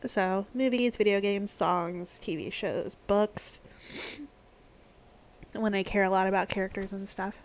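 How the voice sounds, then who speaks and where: A woman's voice: mid-range voice, steady tone, a little slow, pauses often. A woman streaming a game live, chatting in a casual, openly emotional way, laughing often and apologizing for tearing up. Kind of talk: live-streamed gameplay commentary.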